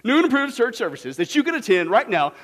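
A man preaching a sermon in a lively, sarcastic way, putting on mocking voices to make his points. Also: extremely high pitch, quick pace. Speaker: pastor.

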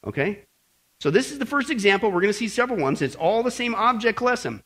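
A man with a fairly high, husky voice leads a Bible lesson. His pitch swings widely as he talks, and he keeps asking his listeners "okay?" and "right?". He drops in slang and jokes in a casual, conversational preaching manner. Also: big pitch swings, fast talker, pushed and bright. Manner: jokey, uses slang. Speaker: Bible teacher. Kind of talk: sermon-style Bible lesson to a group.

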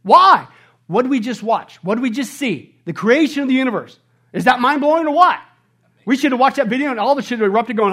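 Man, middle-aged pastor, sermon, very high pitch, lively animated delivery. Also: quick pace. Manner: animated preaching, shouting on high points, laughs.

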